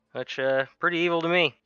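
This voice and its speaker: A man's voice: a little high, sharp tone, clear, resonant tone, no room sound, muffled recording. A man playing a tabletop game in an easygoing manner. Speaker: player. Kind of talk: casual tabletop play.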